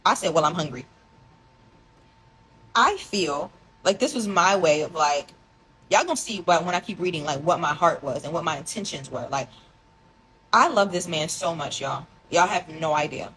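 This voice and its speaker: Young woman with a low voice rambling thru her story, kinda emotional, faint hiss in the background. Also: animated, normal speed, pauses often, a bit bright, poor audio. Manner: emotional, confessional, rambling, reads texts aloud. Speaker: vlogger telling her story. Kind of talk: casual storytime monologue.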